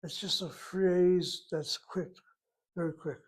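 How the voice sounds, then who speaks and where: A man teaching a language class, explaining slowly and methodically and repeating words to break them into syllables. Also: on the high side, steady tone, a little mellow. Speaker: Hebrew teacher. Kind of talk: classroom lecture.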